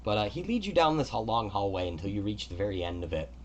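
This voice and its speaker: Deep-voiced man narrating a tabletop game. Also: very animated, quick pace, slight background noise. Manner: casual, descriptive, with fillers. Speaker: game master.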